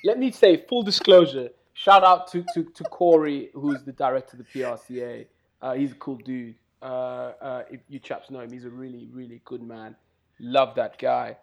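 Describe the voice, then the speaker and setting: A man with a South African accent, a podcast guest chatting casually, animated and self-deprecating, laughing often. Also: mid-range voice, moderate pace, a little hiss or hum. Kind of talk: casual chat.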